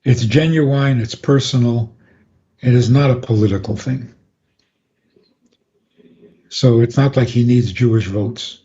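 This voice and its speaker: A man, a rabbi, calmly explaining on a radio talk program and chuckling often. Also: medium pitch, measured pace, long pauses. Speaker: rabbi guest. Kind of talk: radio interview, Torah teaching. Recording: dull lo-fi radio audio.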